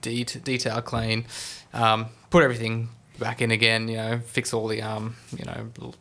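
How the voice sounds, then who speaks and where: Bright-voiced rambling man. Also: mid-range voice, monotone, moderate pace. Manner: rambling, restarts with ums. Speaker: podcast co-host. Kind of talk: casual chat.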